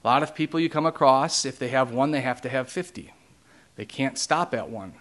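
A pastor leads a Bible study in a relaxed, conversational voice of medium pitch. He is a man who walks through the terms one at a time and explains each in plain words. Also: a little fast.

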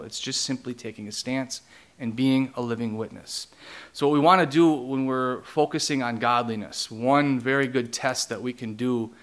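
A man's voice: mid-range voice, fairly bright tone. A man preaching a sermon as pastor, teaching theological ideas and putting question after question to his congregation. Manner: asks the congregation many rhetorical questions; teaching, explains theological terms.

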